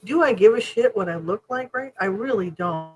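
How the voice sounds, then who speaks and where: A woman co-hosting a podcast in casual chat, frank and animated, swearing freely. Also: medium pitch, normal speed, poor audio. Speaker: podcast co-host.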